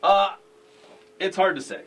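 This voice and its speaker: Excitable, slightly high-voiced sports show host. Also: male voice, measured pace, slight background noise. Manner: excitable and jokey. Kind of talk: sports talk show banter.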